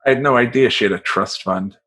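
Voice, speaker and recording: Husky guy telling his own story, cusses a lot, rambles, mid-pitched voice. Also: fairly quick, rough recording. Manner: profane, rambling and animated. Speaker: life coach. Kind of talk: personal storytelling talk.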